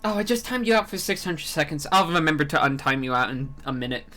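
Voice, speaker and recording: A man's voice: fairly high pitch, lively intonation, fast talker, bright, forceful tone. A man telling a rambling story on a live stream while eating pizza. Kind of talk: casual stream chat.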